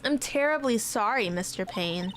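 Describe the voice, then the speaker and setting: A woman's voice: a little high, expressive, normal speed, a little hiss or hum, lightly acted. A woman voicing a determined young male defense lawyer in a video game. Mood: earnest.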